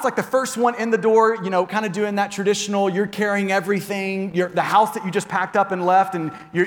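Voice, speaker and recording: A high-voiced man in his thirties preaches with earnest warmth, often doubling words as he eases into a thought. His voice carries a long reverb from the church sanctuary around him. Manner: earnest, repeats words when starting phrases. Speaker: pastor. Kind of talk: sermon.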